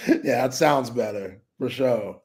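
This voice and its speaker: A man's voice: mid-range voice, takes it slowly, darkish tone. A man co-hosting a live sports talk show, chatting loosely in slang and laughing often. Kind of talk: casual sports chat.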